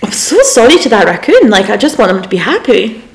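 A woman's voice: mid-range voice, big pitch swings, a little fast. A woman in her twenties, co-hosting a podcast in casual chat, telling stories with frequent laughter. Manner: giggly storyteller, laughs often. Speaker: podcast co-host.

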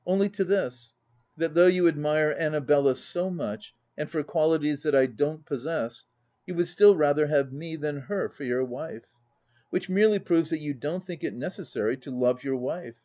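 A man voicing a meek, sorrowful young wife who speaks softly and tremulously, read as part of a storybook. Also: on the high side, normal speed, highs cut off, close to an everyday voice. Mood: wistful. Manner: soft and tremulous.

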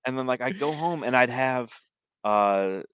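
A man's voice: mid-range voice, lively intonation, unhurried, fairly bright tone, clear, resonant tone, dry recording. A man hosting a casual sports podcast, telling rambling stories and laughing often. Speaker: podcast host. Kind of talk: casual chat.

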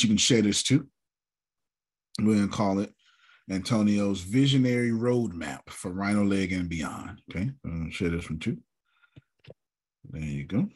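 A man leading a casual work meeting, animated and joking, with a drawling, husky voice. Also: lowish voice. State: sore after workouts. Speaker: business owner leading a team meeting.

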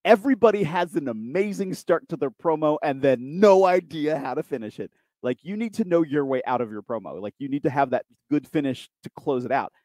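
A man with a slightly higher voice tells self-deprecating stories in a casual chat and tosses in quick asides. The sound is dry and close. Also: animated, a little mellow, no echo.

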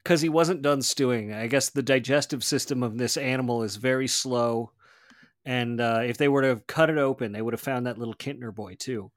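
A man's voice: medium pitch, fairly even intonation, brisk, no room sound. Man giving dry, joking explanations. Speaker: podcast guest expert. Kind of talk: casual podcast discussion.

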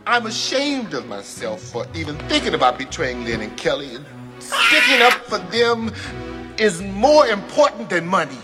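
A lovable drifter with a wandering accent. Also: male voice, high voice, sing-song, moderate pace. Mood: resolute. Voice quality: accent hard to place, shifting. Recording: film clip with music behind.

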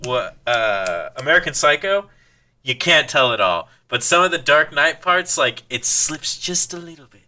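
Man, casual film discussion, opinionated, very bright tone. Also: a little high, very animated. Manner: opinionated, measured, self-correcting. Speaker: podcast co-host. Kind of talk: casual movie review chat.

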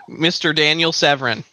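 A man's voice: a little high, unhurried, pushed and bright, no room sound. A man co-hosting a podcast, teasing his friends and laughing a lot while they watch wrestling. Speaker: podcast co-host. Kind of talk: casual watch-along chat.

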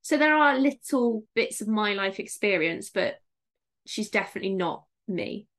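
A young woman from Somerset with a West Country English accent, chatting casually as a guest author, self-mocking and quick to joke. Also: medium pitch, lively intonation, fairly bright tone. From Somerset, England. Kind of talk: casual interview chat.

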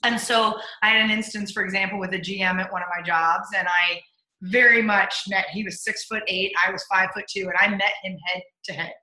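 In an echoey room, a middle-aged leadership coach and speaker talks as an interview guest, sharing career anecdotes casually and voicing her inner thoughts aloud. She speaks in a mid-range voice, a little fast, with a steady but sharp tone.

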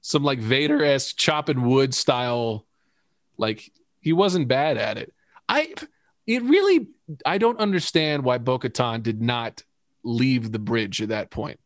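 A man talking casually and excitedly, swearing freely and breaking into laughter. His voice sits at a middle pitch. The recording is dry and close, with no room sound. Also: unhurried, no room sound. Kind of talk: casual chat about a TV episode.

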